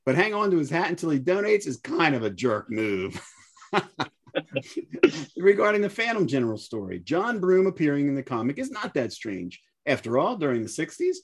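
A man co-hosting a podcast, reading listener mail with wry asides and frequent chuckles. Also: on the high side. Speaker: podcast co-host.

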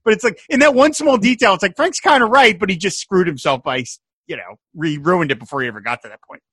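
A man co-hosting a casual chat, animated and laughing often as he retells scenes. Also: high-pitched, fast talker, husky, dry recording, studio quality. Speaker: podcast co-host. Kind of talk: casual chat recapping a TV episode.

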